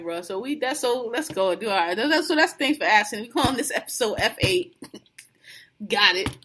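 A woman co-hosting a podcast in casual chat, telling animated, profane stories, laughing often and mocking others with imitations. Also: on the high side, breathy edge. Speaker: podcast co-host.

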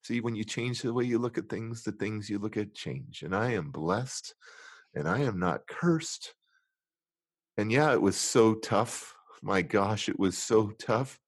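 A middle-aged man, appearing as a guest in a conversation, openly shares a painful personal story with earnest emotion, his husky voice sinking low and quiet at the hardest parts. He acts out his inner dialogue in different tones, expressive and at a measured pace, with no room sound.

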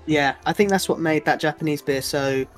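A man's voice: on the high side, fairly quick, faint music behind. A young British man co-hosting a podcast, rambling casually, swearing and laughing as he talks. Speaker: podcast co-host. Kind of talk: casual chat.

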